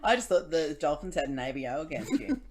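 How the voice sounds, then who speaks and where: A woman's voice: low-pitched, lively intonation, fast, darkish tone. A woman chatting on a live comedy show, mostly giving short replies and dry quips. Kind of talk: casual comedic live-stream banter.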